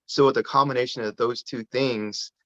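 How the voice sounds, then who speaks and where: A man telling a personal story as a guest on a podcast interview, lively and full of restarts. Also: medium pitch, moderate pace. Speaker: podcast guest, parent advocate. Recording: dull lo-fi sound.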